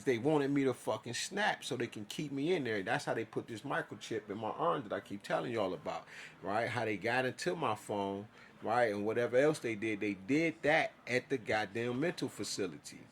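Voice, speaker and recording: A man's voice: medium pitch, lively intonation, moderate pace, a little hiss or hum. A man telling his own story in a casual, profane monologue, acting out his side of conversations.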